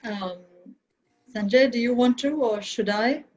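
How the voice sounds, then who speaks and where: A woman's voice: on the high side, a little slow, a little mellow, lo-fi sound, soft background music. A woman from Kerala, India, speaking on an online panel in a reflective, argumentative academic manner.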